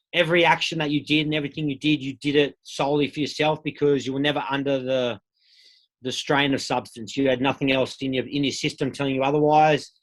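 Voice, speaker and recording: A man's voice: fairly high pitch, fairly bright tone. An Australian man in his thirties, a podcast guest telling his own story in a candid, casual way with plenty of swearing. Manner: candid, swears freely, acts out quoted voices.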